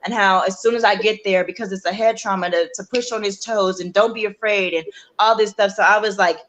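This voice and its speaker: A young adult woman, a guest on a talk show, earnestly telling a personal story in a halting way, with many fillers and restarts. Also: mid-range voice, steady tone, a bit bright. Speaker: guest sharing her story.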